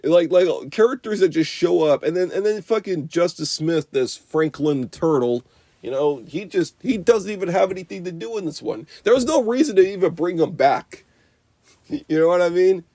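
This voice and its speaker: Young male reviewer, raised mellow voice, dry sound, loose and profane rant style. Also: high voice, animated, normal speed, no echo. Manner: profane, rambling, full of "you know" and "like". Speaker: movie reviewer. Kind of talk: unscripted rambling rant.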